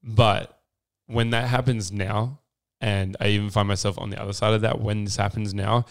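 Gravelly, slightly low-voiced man. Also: level tone, moderate pace. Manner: thoughtful, hesitant starts. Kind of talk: casual podcast chat.

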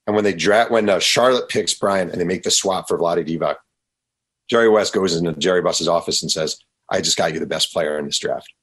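A man, an author guest on a radio show, telling stories in an animated way and often acting out quotes. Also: low-pitched, slightly rough. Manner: animated, quick to act out quotes. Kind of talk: storytelling in a radio interview.

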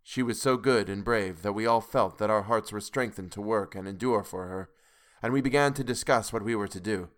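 Male podcast reader, measured and grave, classic novel narration. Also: lowish voice. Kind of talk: audiobook narration.

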